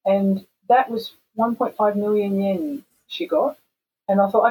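An Australian woman talks as an interview guest, animated and frank, leaning hard on her points. Her voice has a husky edge and sits at an ordinary middle pitch. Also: slow pace, rough recording. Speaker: guest, voice actor and singer. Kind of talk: casual interview chat.

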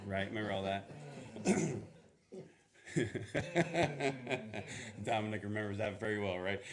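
A man preaching a sermon in a casual, animated storytelling manner, acting out playful voices. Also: on the low side, slow pace, long pauses, a crowd in the background. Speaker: pastor.

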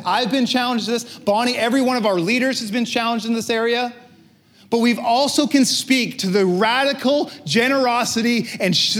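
A pastor with a notably high, slightly bright voice delivers an easygoing, conversational sermon. Between scripture readings he poses rhetorical questions and sneaks in light jokes.

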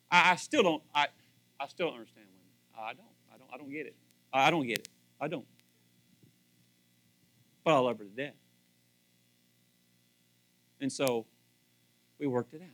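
A middle-aged man preaching with a high, lively voice that swoops all over. His tone is bright and forceful. He acts out dialogue and hammers phrases through repetition. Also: brisk, pauses often. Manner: animated, acts out dialogue, repeats phrases for emphasis. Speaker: pastor. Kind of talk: sermon.

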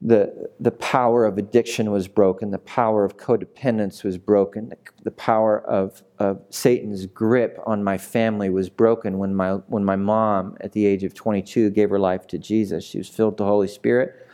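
Mellow-voiced passionate male pastor. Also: lowish voice, fairly even intonation, normal speed, few pauses. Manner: passionate, repetitive, asks the audience direct questions. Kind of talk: sermon.

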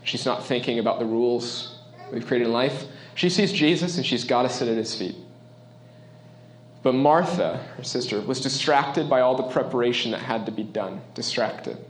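In a roomy, echoing space, a man preaches a sermon at a normal speed with a mid-range voice. The pastor speaks conversationally and emphatically, frequently checking in with the congregation.

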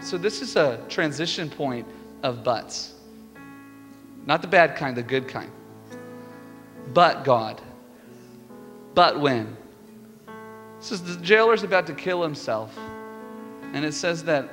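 A man preaching a sermon as pastor, telling stories with lively energy and building to fervent peaks. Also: on the high side, normal speed, long pauses. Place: church sanctuary. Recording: reverberant hall with music behind.

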